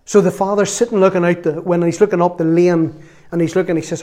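A man, a lay preacher telling a Bible story in an animated, chatty way with humorous asides. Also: sits high, fast talker. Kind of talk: storytelling sermon.

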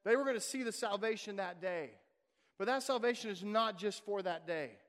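High-voiced man preaching in a reverberant hall. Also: moderate pace, fairly bright tone. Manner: emphatic preaching with rhetorical questions. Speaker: pastor. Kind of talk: sermon.

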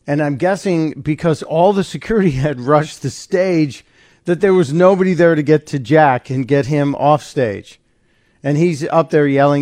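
Sarcastic talk radio host, dry studio. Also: male voice, fairly high pitch, normal speed, no room sound. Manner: animated, sarcastic, opinionated, narrating a clip as it plays. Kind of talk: live talk radio commentary.

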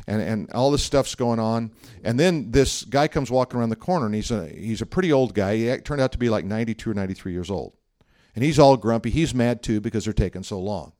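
Guy preaching, low voice, acts out the story lines, reads from a book, dry close sound. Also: no echo. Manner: animated storyteller, acting out dialogue, reading aloud from a book. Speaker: pastor. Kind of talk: sermon with storytelling.

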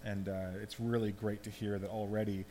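A man giving a conversational, animated sermon as pastor. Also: fairly low pitch, moderate pace. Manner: conversational, animated preaching with asides. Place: church hall. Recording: long hall reverb, faint hum.

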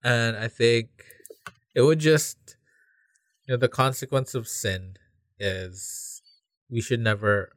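A man co-hosting a casual faith discussion, speaking in slow, halting, thoughtful phrases. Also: medium pitch, fairly even intonation, no room sound. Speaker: podcast co-host.

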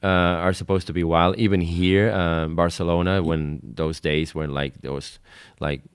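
Very deep-voiced man rambling through a story. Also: flat delivery, moderate pace, clear, resonant tone, no echo, studio quality. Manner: rambling storyteller with many fillers, laughing often. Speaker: radio show co-host. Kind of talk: casual chat.

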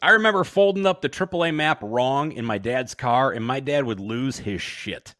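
A man's voice: medium pitch, fast, few pauses, dry recording, studio quality. A man hosting a podcast interview, chatting casually and teasing his guest. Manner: teasing, lively. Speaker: podcast host.

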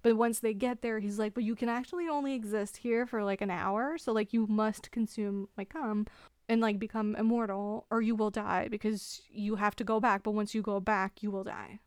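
A woman's voice: medium pitch, moderate pace, clear, resonant tone, no room sound. A woman hosting a podcast, recapping a book in casual chat with sarcasm and frequent laughter, close to the microphone. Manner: sarcastic, laughs often, animated retelling. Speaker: podcast host.

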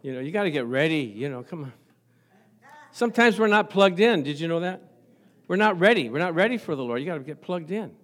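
A man's voice: on the high side, expressive, brisk, a bit bright. A middle-aged male pastor preaching a sermon, stressing points by repeating phrases and chuckling at his own stories.

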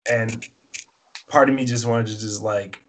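A man's voice: fairly low pitch, steady tone, a little fast, a bit bright. A man casually telling a long personal story, acting out both sides of the dialogue in a rambling way.

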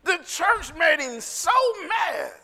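A male pastor preaching a sermon in an animated, conversational way that swings into shouting. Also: very high-pitched, slow pace, creaky, big-room sound.

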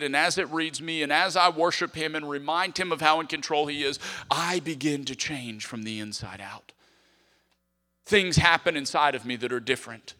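A male pastor preaching a sermon with animated delivery, moving between loud emphasis and hushed asides. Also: on the high side, big-room sound.

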